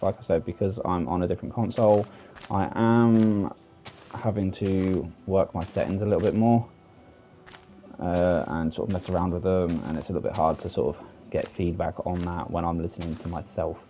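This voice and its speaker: A man's voice: low-pitched, steady tone, normal speed, warm tone, a little hiss or hum. A British man streaming a building game, chatting casually with a self-deprecating, rambling manner and lots of fillers, recorded on a desk microphone. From United Kingdom. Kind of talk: casual gameplay commentary.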